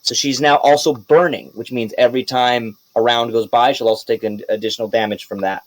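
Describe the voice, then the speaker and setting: A man narrating a tabletop game as game master, in a relaxed, rambling way with fillers and quick bursts. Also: medium pitch, no echo, rough recording.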